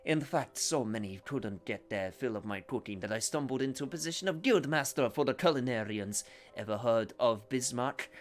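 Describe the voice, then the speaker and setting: A man's voice: mid-range voice, moderate pace, hardly any pauses, lightly acted. A man voicing a boisterous sea-faring guildmaster cook in a game, boastful and hearty, with a failed French accent.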